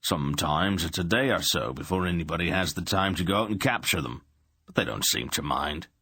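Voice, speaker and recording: A man doing a practical middle-aged smith with a very deep, gravelly, husky voice. He explains things plainly and with dry understatement, as in an audiobook. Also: expressive, a little fast, sharp tone, dry recording, heavily acted. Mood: matter-of-fact. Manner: dry, matter-of-fact understatement.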